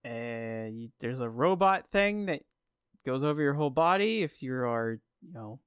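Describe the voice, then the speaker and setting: A man's voice: mid-range voice, measured pace, clear, resonant tone, no room sound, studio quality. Laughing man on a gaming podcast. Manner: laughs often, animated. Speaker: podcast co-host. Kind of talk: casual chat.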